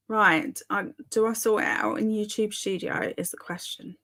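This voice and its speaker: A woman's voice: a little high, animated, normal speed. A young woman hosting a live stream, chatting casually and reading viewer comments aloud in a giggly, bemused way. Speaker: livestream host.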